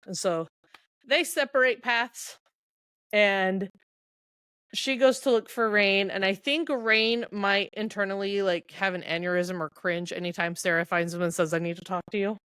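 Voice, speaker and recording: A woman podcast host chatting through a book recap at a middling pitch. She narrates scenes, reads lines of dialogue aloud and laughs easily. The sound is close and dry. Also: fairly even intonation, a little slow, a bit bright, smooth, dry recording. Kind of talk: casual book-recap chat.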